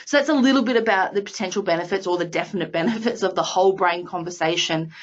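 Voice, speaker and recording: An Australian woman giving a chatty, self-deprecating webinar talk on sales, filling her pauses with ums and uhs. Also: fairly low pitch, muffled recording. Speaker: sales training presenter. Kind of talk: webinar presentation.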